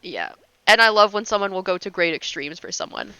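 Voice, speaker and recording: A woman's voice: mid-range voice, very animated, fairly quick, pushed and bright, clean tone, no echo, dull audio. A young woman livestreaming while gaming, chatting casually and gushingly, laughing often and swearing offhandedly at herself.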